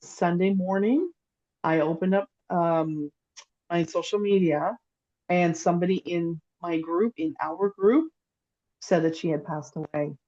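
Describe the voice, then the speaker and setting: A woman with a somewhat low, mellow voice tells a long personal story in casual chat. She rambles and restarts, her feeling building as she goes. Her remote call mic sounds a little dull. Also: measured pace. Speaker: psychic, podcast co-host. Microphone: remote call microphone.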